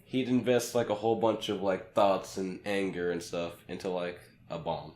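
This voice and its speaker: A man's voice: sits low, fairly even intonation, moderate pace, darkish tone. A young man co-hosting a casual podcast, rambling with lots of fillers. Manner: rambling, filler-heavy, laughing. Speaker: podcast co-host. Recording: echoey room with faint noise.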